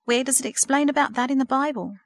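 A woman's voice: high voice, fast, no echo, studio quality, voice pushed up. A woman voicing an earnest teenage girl of almost sixteen who keeps asking questions, in a storybook reading.

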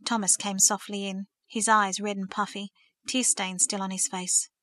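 Woman storyteller, bright and clear, close dry mic, steady earnest read. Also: medium pitch, normal speed, no room sound. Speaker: audiobook narrator. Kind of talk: scripted narration.

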